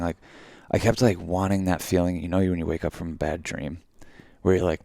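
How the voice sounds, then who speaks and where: Young male co-host, deep and gravelly, loose storyteller. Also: brisk, no room sound. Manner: rambling, animated, acts out quotes. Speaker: podcast co-host. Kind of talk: casual storytelling chat.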